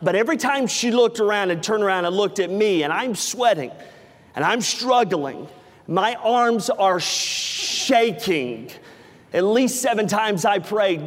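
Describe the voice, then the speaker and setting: Middle-aged male pastor, high voice, animated comic storyteller, sermon in a big echoing church. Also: measured pace. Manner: animated storyteller, acts out dialogue, self-mocking humor. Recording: reverberant hall.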